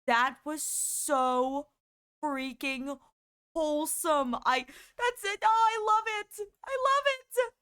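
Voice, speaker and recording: Young woman streamer gushing over a game, high bright voice that jumps all over. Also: slow pace. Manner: gushing, animated, reads game dialogue aloud. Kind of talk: let's play commentary.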